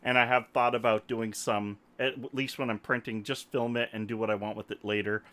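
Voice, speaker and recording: A man's voice: lowish voice, a little fast. A man hosting a podcast, ranting in an emphatic, joking way during casual chat. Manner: animated, emphatic, jokey ranting. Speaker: podcast host. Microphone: desktop microphone.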